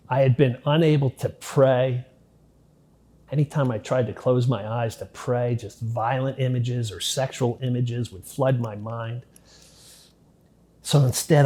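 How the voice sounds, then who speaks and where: A man's voice: medium pitch, fairly even intonation, measured pace. Man recounting his past, candid and blunt. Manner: candid, drops to near-quiet at grim moments, swears casually. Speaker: interview guest. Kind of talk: telling his life story in an interview.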